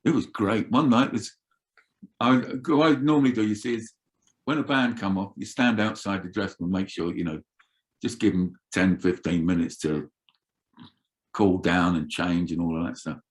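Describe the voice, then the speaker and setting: A man's voice: low voice, moderate pace. Older man telling road stories. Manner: animated, swearing, laughing. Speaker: interview guest, former roadie. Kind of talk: casual storytelling.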